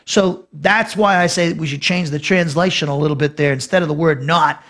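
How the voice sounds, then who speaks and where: A man's voice: a little high, normal speed, a bit bright. A male pastor teaching a Bible lesson verse by verse, explaining Greek word meanings in an unscripted, repetitive way with frequent restarts.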